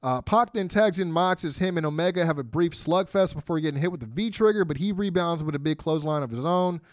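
A man's voice: on the high side, quick pace, no room sound, studio quality. A man co-hosting a podcast, recapping a wrestling match move by move in a casual way with fillers. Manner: play-by-play recap with fillers and laughs. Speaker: podcast co-host.

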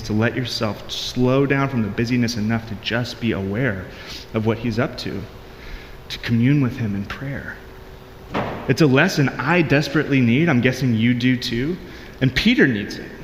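A man's voice: medium pitch, reverberant, in a large hall, a little hiss or hum. A married man giving a conversational, earnest sermon as a pastor, with frequent restarts.

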